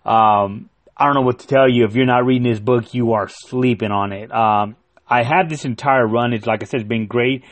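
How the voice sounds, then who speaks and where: A man casually retelling a comic book's plot, excitable and profane, with lots of fillers and restarts. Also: medium pitch, moderate pace. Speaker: comic book reviewer.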